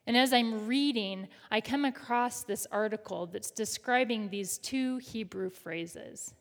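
A woman's voice: a little high, unhurried. A woman pastor preaching a sermon in a conversational way, leading the congregation in call and response. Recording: reverberant hall.

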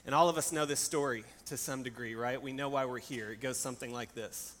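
Man, young adult, preacher, conversational storyteller, mid pitch, long hall reverb, faint hiss. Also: fast talker, a bit bright. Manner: conversational storytelling, candid and personal. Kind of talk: sermon.

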